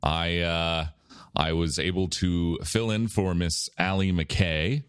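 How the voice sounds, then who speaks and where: Low-voiced teasing podcast host. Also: male voice, steady tone, slow pace, clear, resonant tone, no echo. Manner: teasing, dry banter. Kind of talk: casual chat.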